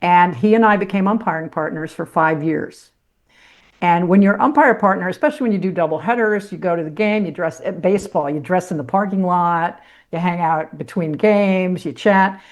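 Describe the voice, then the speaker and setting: An older woman who went from sportscaster to teacher tells her life story as a podcast guest, speaking bluntly and saltily with plenty of self-mockery. Her voice sits fairly low and moves at a normal speed, and the talk is candid personal storytelling.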